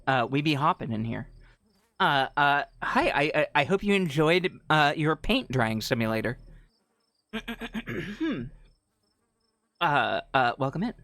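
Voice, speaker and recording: A man's voice: a little high, sing-song, slow, gravelly, pauses often, sharp tone, no echo. Giggly man streaming a game. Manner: giggly, rambling, playful. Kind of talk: live game stream with chat.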